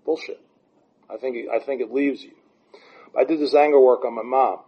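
A man's voice: medium pitch, fairly quick, long pauses, warm tone, husky. A man giving blunt, profane recovery advice and telling stories from his own life. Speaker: recovery speaker. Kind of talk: candid advice talk. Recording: dull lo-fi sound.

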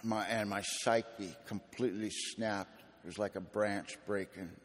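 A man's voice: fairly low pitch, steady tone, a little slow. Plainspoken guy sharing his story at a meeting, confessional, echoey hall. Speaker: speaker at a recovery meeting. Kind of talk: personal testimony to an audience.

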